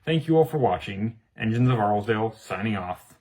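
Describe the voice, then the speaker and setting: A man's voice: fairly low pitch, expressive, brisk, darkish tone, breathy edge, poor audio. A man, the channel creator, giving a formal, scripted announcement to his viewers. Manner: formal, read-out delivery.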